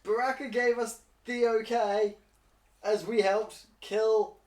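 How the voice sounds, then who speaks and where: High-voiced man arguing at the table. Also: level tone, slow, echoey room. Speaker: player. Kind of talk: casual tabletop role-play.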